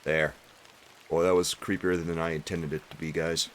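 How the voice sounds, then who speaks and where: A man's voice: rumbling low, little pitch movement, normal speed, a little hiss or hum. A man casually commenting on a game he plays for viewers, joking crudely and chatting with his audience. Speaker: let's play streamer.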